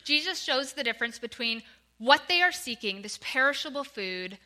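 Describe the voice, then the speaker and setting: Bright, high-voiced woman preaching earnestly. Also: lively intonation. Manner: earnest, pleading, slows for emphasis. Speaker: guest speaker. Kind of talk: sermon.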